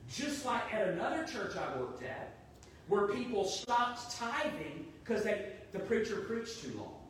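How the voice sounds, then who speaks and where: A man's voice: high-pitched, measured pace, very echoey, distant mic, slight background noise, low-quality recording. A man preaching a sermon in a conversational, storytelling way. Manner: conversational, storytelling, animated when quoting. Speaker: pastor.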